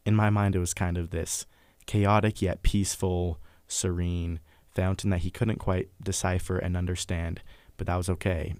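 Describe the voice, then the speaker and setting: A man's voice: low-pitched, a little mellow, no echo. A man, a book club guest, giving earnest reflections in long flowing sentences. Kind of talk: reflective discussion.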